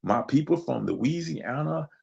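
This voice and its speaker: A man's voice: a little high, unhurried, gravelly, lo-fi sound. A man in his thirties from Mississippi with a Southern accent, talking casually on a podcast and answering chat, thinking aloud with plenty of restarts. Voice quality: relaxed, conversational vernacular with frequent restarts. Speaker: podcast co-host. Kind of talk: casual discussion, responding to chat.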